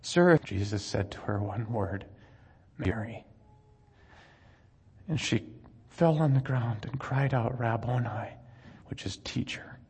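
A man preaching a sermon, earnestly retelling scripture with dramatic rises and drops in loudness. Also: mid-range voice, normal speed, breathy edge. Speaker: pastor. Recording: long hall reverb.

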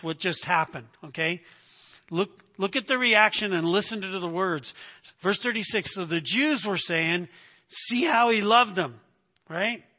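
High, bright-voiced man preaching. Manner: conversational, often asks "right?". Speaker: pastor. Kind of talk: expository sermon. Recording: long hall reverb.

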